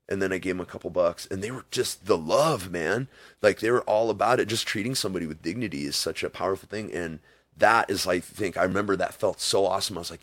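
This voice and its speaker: A man's voice: deep voice, fast talker, no echo. A man in a casual interview, telling rambling stories and acting out quotes along the way. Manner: rambling storytelling with acted-out quotes.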